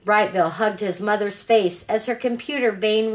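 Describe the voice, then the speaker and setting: A woman reading a children's novel aloud as a storyteller, in a slow, deliberate telling. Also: mid-range voice.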